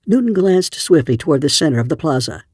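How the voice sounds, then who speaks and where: A man narrating an audiobook in a steady storytelling voice. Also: fairly high pitch, fast, dry recording, clean studio sound. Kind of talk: scripted narration.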